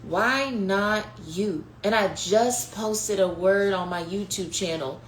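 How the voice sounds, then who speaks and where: A woman preaching a prophetic teaching on her podcast, in a passionate, conversational way that swings from hushed to loud, calling listeners "baby" and "y'all". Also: mid-range voice, slow pace. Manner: passionate, conversational preaching with sudden rises and drops. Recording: echoey room with faint noise.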